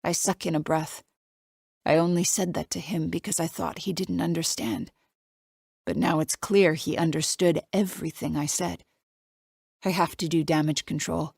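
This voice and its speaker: A woman's voice: deep voice, steady tone, normal speed, vocal fry, darkish tone, slightly rough, dry recording, studio quality. A woman reading a thriller audiobook in the first person, present tense, as a tense, confiding inner monologue. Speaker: audiobook narrator.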